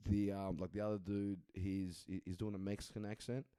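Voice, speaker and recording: A man's voice: sits low, little pitch movement, fairly quick, dark tone, smooth, no echo, clean studio sound. A man who is a comedian guest on a podcast, telling loose, casual stories with swearing and lots of "you know what I mean.". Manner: loose storytelling with swearing and filler phrases.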